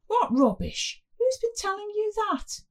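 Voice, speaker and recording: A woman voicing a worried father gently questioning his young son in a spoken story. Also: very high voice, very animated, measured pace, pitched above the performer's own voice, heavily acted. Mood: reassuring.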